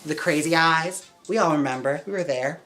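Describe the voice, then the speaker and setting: A man streaming live as a drag performer and wig stylist, trying on wigs and chatting in a campy way with quick laughing asides. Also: on the high side, bright, forceful tone, faint music behind. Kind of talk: casual live-stream chat.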